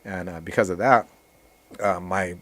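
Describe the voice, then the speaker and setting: Deep-voiced man chatting casually. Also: unhurried. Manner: relaxed, rambling, many restarts and fillers. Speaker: jiu-jitsu instructor and guest. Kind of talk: casual podcast chat.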